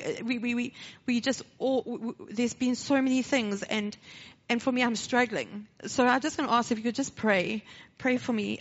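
A woman's fairly high, creaky voice carries a South African accent as she tells her testimony at church. She acts out the dialogue with animation, then slides into a short sermon, captured on a dull lo-fi recording.

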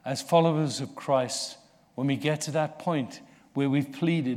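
A man preaching a sermon, slow and earnest, rising in force for emphasis. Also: medium pitch, a little mellow. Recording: long reverb of a large hall.

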